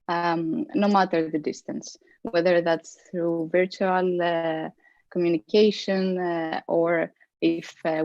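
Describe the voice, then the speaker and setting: An emotional woman with a slightly low, breaking voice pauses and hesitates as she speaks. The sound is dry, muffled video-call audio. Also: a little mellow, no echo. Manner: halting, with many fillers. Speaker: artist answering questions. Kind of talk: live-stream discussion.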